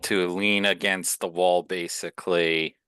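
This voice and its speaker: A man's voice: sits low, level tone, a little slow, sharp tone, clean tone. A man playing a tabletop role-playing game, chatting in a casual, offhand way. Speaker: player.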